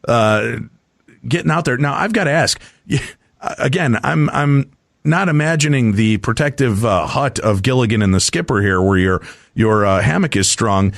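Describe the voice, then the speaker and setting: A male radio host interviewing a guest, asking quick follow-up questions with a joking edge. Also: medium pitch, vocal fry, no echo, clean studio sound.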